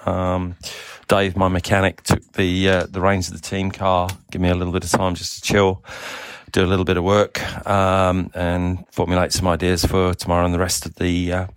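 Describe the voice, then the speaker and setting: A middle-aged man with a low voice and an accent that blends Australian, South African and English sounds. He talks loosely and casually in an audio diary, often pausing on um and uh. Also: clear, resonant tone. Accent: mixed Australian, South African and English. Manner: relaxed, rambling, many ums and uhs. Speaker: cycling team manager.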